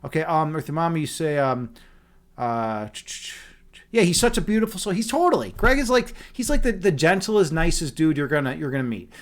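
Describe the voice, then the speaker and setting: A man's voice: a little high, sing-song, fairly quick. A man hosting a livestream, chatting casually with his viewers in a loose, playful, rambling way with lots of fillers. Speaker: livestream host reading chat.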